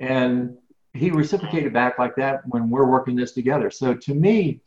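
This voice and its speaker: Speaking at a moderate pace in a medium pitch with a darkish tone, a middle-aged man is the guest in a conversational interview. He's emphatic, with many restarts and repeated words, and the sound is echoey, dull and lo-fi.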